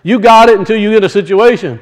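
A man's voice: high-pitched, fast. A man teaching scripture in a conversational sermon style, rising into emphatic preaching. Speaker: Bible teacher.

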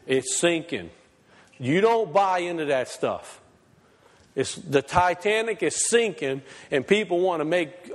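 Man, preacher, impassioned sermon, fairly high voice, long hall echo. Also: animated, measured pace. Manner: impassioned, swings from shouting highs to low asides.

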